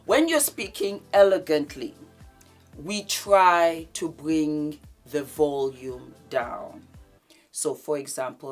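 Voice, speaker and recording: A woman hosting an etiquette vlog, talking to her viewers and moving between big loud greetings and soft, hushed demonstrations. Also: sits low, slow pace, faint music behind. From Nigeria. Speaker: etiquette vlogger. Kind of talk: casual etiquette lesson to camera.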